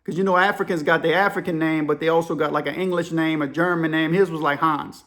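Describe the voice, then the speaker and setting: Casual male storyteller with a high-set voice, animated narration. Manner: animated, quick shifts between narration and voices. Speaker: storyteller host.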